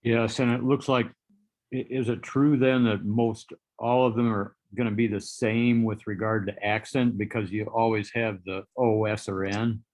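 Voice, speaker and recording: A man's voice: fairly low pitch, flat delivery, normal speed, darkish tone, rough recording. A man, a student in the lesson, asking a careful, slightly hesitant question.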